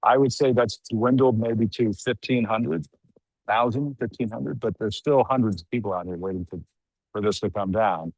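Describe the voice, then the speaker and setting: A man's voice: lowish voice, moderate pace, gravelly, dry recording, low-quality recording. A middle-aged man reporting live on the scene outdoors at night, conversational with wry asides and some fillers. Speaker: news show host reporting live. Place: outdoors at night among a crowd.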